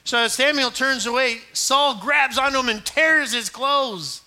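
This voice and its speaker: A middle-aged man preaching a sermon, animated and acting out scripture scenes in different voices. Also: very high voice, a little slow. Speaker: pastor.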